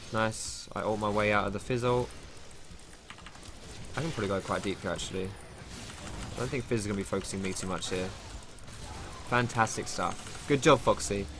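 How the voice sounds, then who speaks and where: A man giving excitable live commentary over his own gameplay, thinking aloud and swearing casually. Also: on the low side, normal speed, long pauses, noisy background. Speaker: gaming streamer. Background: keyboard typing.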